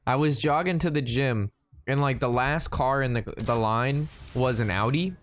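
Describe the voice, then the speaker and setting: A man's voice: mid-range voice, measured pace. A young man streaming a card game, chatting casually with playful jokes and mock sportscaster asides. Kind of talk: casual gameplay commentary.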